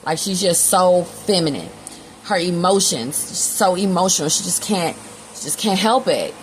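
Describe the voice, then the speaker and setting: A woman's voice: on the low side, expressive, a little slow, a little hiss or hum, rough recording. Blunt, slangy woman reading tarot. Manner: blunt, slangy, swears freely, acts out both sides in quotes. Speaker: tarot reader.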